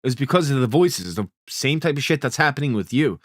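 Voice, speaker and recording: A man's voice: medium pitch, lively intonation, fast talker, no echo, clean studio sound. A man casually recapping a TV series episode, laid-back and profane, loosely paraphrasing what the characters say. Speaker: TV recap host.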